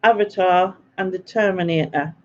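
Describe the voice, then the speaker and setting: A woman's voice: on the low side, normal speed, a little mellow, lo-fi sound. A woman hosting a live quiz stream, chatty and self-mocking, laughing often as she reads out viewer comments. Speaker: quiz host.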